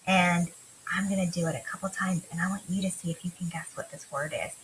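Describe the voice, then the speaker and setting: A woman teacher giving a remote phonics lesson to young children, talking slowly in a sing-song way and drawing out letter sounds. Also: on the low side, steady tone, slight background noise, rough recording. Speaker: kindergarten teacher.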